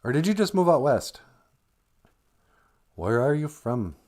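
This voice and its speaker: A man's voice: on the high side, very animated, measured pace, darkish tone. Upper midwest guy on a livestream, chatty, chuckles a lot, voice bounces up and down. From Minnesota. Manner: chuckling, reads viewer comments aloud, spells words out. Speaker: livestream host teaching Ojibwe. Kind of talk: casual livestream chat and language lesson.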